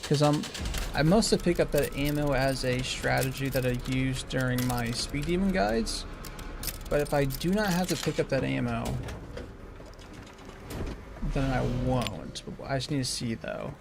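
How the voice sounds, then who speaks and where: Casting: male streamer, gravelly voice, casual speedrun commentary, talks to himself, loops on phrases. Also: mid-range voice, lively intonation, moderate pace, noisy background. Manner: thinking aloud, repeating phrases, self-correcting.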